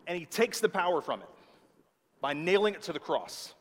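A man's voice: a little high, sing-song, moderate pace, fairly bright tone. A man preaching a sermon with emphatic delivery, often checking in with his listeners. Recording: long hall reverb.

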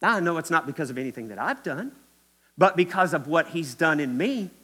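A man preaching with a lively, swooping delivery. His voice sits high and sounds bright and forceful. He acts out the lines he quotes and speaks straight to his listeners. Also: brisk, husky. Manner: animated preaching, acts out quotes, addresses crowd as guys and y'all. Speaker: pastor. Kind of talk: sermon.

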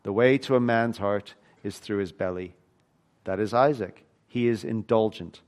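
A man preaching a sermon, reading scripture aloud and explaining it, swinging between loud emphatic stretches and quiet low passages. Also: normal speed.

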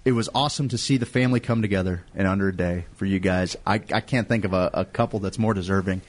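A man's voice: deep voice, fast talker. Man, radio host, studio mic, rambling casual chat, repeats himself, laughs a lot. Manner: rambling, stumbles and repeats words, laughs often.

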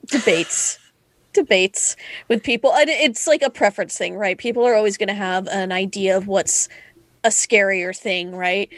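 A woman in casual group chat, telling stories with lively energy and acting out her own panicked reactions. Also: mid-range voice, normal speed, no echo. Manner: animated storyteller, acts out her own panicked voice.

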